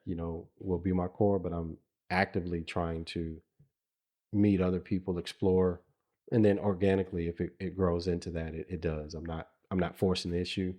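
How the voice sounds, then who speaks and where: A man's voice: sits low, a little mellow. A middle-aged man co-hosting a podcast, talking casually and reflectively, with frequent restarts and laughter. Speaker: podcast co-host.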